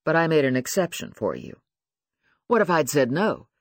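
A man's voice: on the high side, very animated, normal speed, no room sound, clean studio sound. A man voicing a manipulative male doctor who lectures and presses his patient in an audiobook. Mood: stern. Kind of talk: audiobook character voice.

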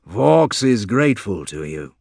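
Man doing a hulking monster in an audiobook, irritable corpse counter, slow heavy words, husky low voice. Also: very animated, no room sound, clean studio sound, exaggerated voice. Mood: irritable, commanding. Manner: slow, loud, heavy delivery. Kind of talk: audiobook character voice.

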